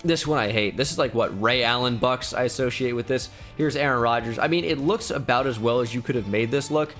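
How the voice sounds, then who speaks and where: Young male YouTuber, casual opinionated commentary, mid pitch, soft music bed. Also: fairly quick. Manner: relaxed, opinionated, many fillers. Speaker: gaming YouTuber. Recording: faint music behind.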